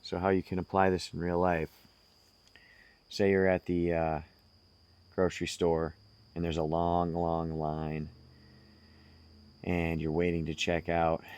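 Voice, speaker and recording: A man speaking slowly and earnestly, giving direct self-help advice to the listener. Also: sits low, darkish tone. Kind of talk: casual advice monologue.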